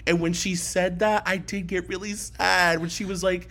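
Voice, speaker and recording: A woman's voice: on the low side, level tone, moderate pace, a bit bright. A woman chatting casually on a podcast, reacting with laughs and teasing comments. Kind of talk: casual chat.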